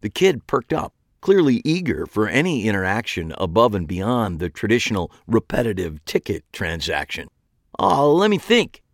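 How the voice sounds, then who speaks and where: A man's voice: lowish voice, very animated, normal speed, few pauses, dry recording. A man narrating a first-person story in a dry, wry way.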